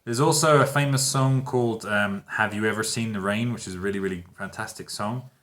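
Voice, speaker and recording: A man gives a casual online lesson. His voice sits fairly low, and he explains patiently and often stops to check that students are following. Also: a little fast, fairly bright tone. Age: 30s. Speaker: English teacher.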